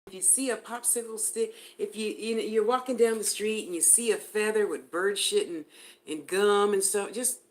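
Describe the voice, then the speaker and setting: A woman's voice: medium pitch, fairly even intonation, moderate pace. A woman giving a live spiritual reading to viewers. She talks in a chatty way, laughs often, and addresses people by name. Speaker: spiritual reader.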